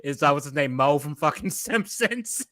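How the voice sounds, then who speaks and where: A man co-hosting a casual podcast, swearing freely and telling quick anecdotes. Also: on the high side, expressive, bright, forceful tone, no room sound, clean studio sound. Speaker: podcast co-host. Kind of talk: casual chat.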